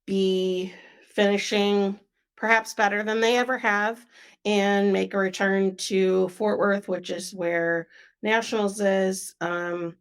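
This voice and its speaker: A young woman co-hosting a sports podcast, chatting casually and filling pauses with "um" and "like". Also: medium pitch, flat delivery, clean tone. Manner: chatty, frequent "um" and "like" fillers.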